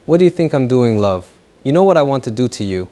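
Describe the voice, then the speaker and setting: A man voicing a possessive, menacing young lover who taunts slowly in an audio fan fiction story. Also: medium pitch, sing-song, mellow, natural voice. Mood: mocking. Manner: slow, taunting, mocking.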